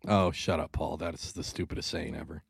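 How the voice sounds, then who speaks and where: A man's voice: very deep voice, fairly even intonation, moderate pace, creaky, breathy edge, dry recording. A man hosting a podcast, telling rants and stories in casual banter, with heavy cursing. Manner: profane, ranting storyteller.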